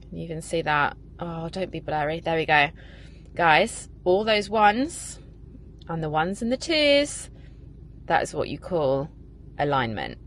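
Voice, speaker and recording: A woman's voice: deep voice, big pitch swings, a little slow, slight background noise, poor audio. A young woman talking to camera in a casual vlog, emotional and rambling, with lots of fillers. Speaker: vlogger and podcast host.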